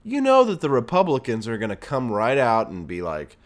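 Fired-up male podcast host, lively pitch. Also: a little fast. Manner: fired-up, ranting, reads news aloud with asides. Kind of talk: political commentary monologue.

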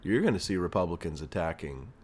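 A man's voice: low-pitched, animated, fast talker, darkish tone, breathy edge. A man hosting a political podcast, ranting in a fired-up way and reading news aloud with his own asides. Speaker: podcast host. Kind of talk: political commentary monologue.

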